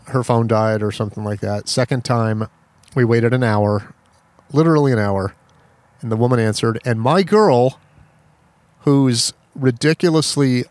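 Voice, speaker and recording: A man hosting a casual podcast, telling stories in an animated way and acting out the people in them. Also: medium pitch, no room sound. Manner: animated storyteller, acts out quoted people. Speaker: podcast host. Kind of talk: casual storytelling chat.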